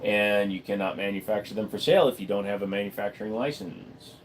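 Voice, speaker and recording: A man hosting a casual livestream from a room at home, answering viewers' questions with blunt, deadpan, crude humor. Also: lowish voice, fast, a little hiss or hum. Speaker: livestream host. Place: room at home full of computer gear.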